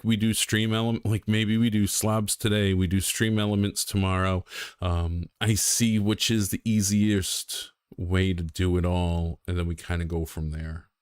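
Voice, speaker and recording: A man's voice: fairly low pitch, clean tone, dry recording, studio quality. A young man chatting casually on a game stream, rambling and self-deprecating with lots of ums and restarts.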